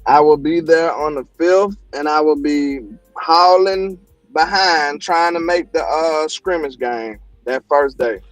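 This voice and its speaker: A man's voice: on the high side, slow pace, faint music behind, poor audio. A man hosting a casual sports chat, telling jokes in streetwise slang. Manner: joking storyteller, streetwise slang. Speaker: host.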